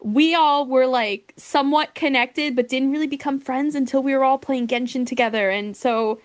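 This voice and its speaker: A woman co-hosting a podcast in casual chat, talking in an excitable, chatty way with lots of filler words. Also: high-pitched, normal speed. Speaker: podcast co-host.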